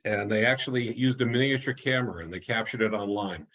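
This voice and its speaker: A man's voice: fairly low pitch, fast, a bit bright, muffled recording. A man giving an online talk as an author, telling anecdotes in a chatty way, often restarting and chuckling at his own stories.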